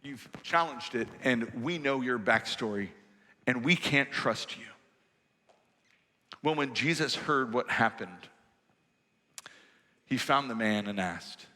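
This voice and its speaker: A male pastor preaching a sermon in a church sanctuary, measured and emphatic with rhetorical questions. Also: medium pitch, expressive, bright, forceful tone, in a large hall.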